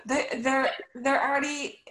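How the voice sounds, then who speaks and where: A woman co-hosting a podcast, chiming in with quick, giggly comments in casual chat. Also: sits high, flat delivery, a bit bright. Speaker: podcast co-host. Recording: roomy, echoey room.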